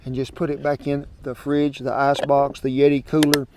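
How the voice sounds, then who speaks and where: A man's voice: medium pitch, flat delivery, moderate pace, background noise. A man hosting a casual cooking demonstration outdoors, talking in a folksy, chatty drawl. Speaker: cooking show host. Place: outdoors by a smoker grill.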